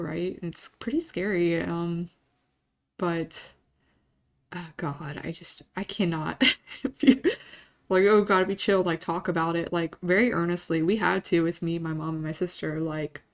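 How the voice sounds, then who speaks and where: Woman streamer, casual live chat, slightly low voice, rambling and emotional, quick laughs between thoughts. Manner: rambling, emotional, self-interrupting, laughs often.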